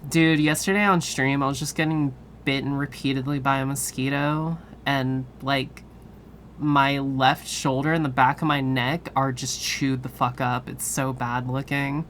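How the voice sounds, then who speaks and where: A woman's voice: a bass voice, fairly even intonation, a little slow, a bit bright, a little hiss or hum. A woman streamer chatting casually, swearing freely and laughing often. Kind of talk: casual live-stream chat.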